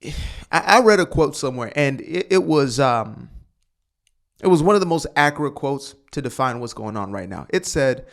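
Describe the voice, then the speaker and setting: A man's voice: mid-range voice, lively intonation, moderate pace. A man hosting a commentary monologue, talking emphatically, sighing and repeating his points for force. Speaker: host.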